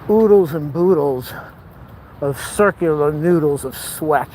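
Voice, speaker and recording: A man talks between heavy breaths as he walks outdoors. He is out of breath and jokes about himself. Street noise runs clearly behind him. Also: a little high, takes it slowly, warm tone. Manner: breathless, self-mocking, playful asides. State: out of breath and sweating. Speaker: vlogger. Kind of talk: walking vlog, joking to camera.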